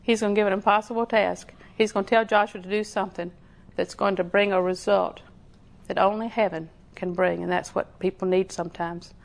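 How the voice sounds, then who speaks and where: Lady preacher, gravelly edge, folksy and repeats herself a lot. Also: medium pitch, fairly even intonation, fairly quick. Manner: folksy storytelling with repetition. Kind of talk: sermon.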